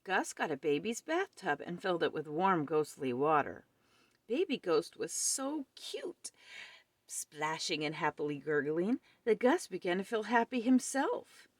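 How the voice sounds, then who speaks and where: A woman reading a children's picture book aloud at home with expressive storytelling. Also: lowish voice, measured pace, no echo.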